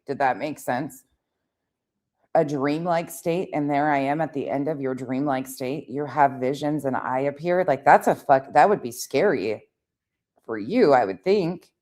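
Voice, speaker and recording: Woman commentary host; sarcastic, blunt, profane, slightly low-pitched. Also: unhurried, darkish tone. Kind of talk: reaction commentary.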